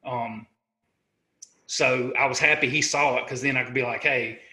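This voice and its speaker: A middle-aged man from the United States, a sergeant being interviewed, telling a personal war story in an earnest, halting way, often restarting and correcting himself. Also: medium pitch, steady tone, bright, forceful tone. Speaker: interview guest, army sergeant.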